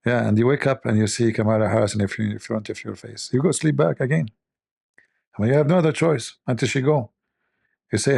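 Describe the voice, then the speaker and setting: A man's voice: medium pitch, fast, vocal fry, a little mellow, husky, no room sound, clean studio sound. A man hosting a joking commentary who rambles, mocks and thinks aloud into a desk microphone. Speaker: host.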